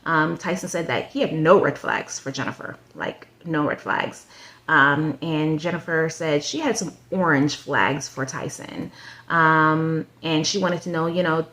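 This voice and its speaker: Rambling, low-voiced woman recapping a show. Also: a little slow, fairly bright tone. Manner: rambling, many "um", "like", "you know"; opinionated, talks straight to the people she discusses. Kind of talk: casual chatty recap.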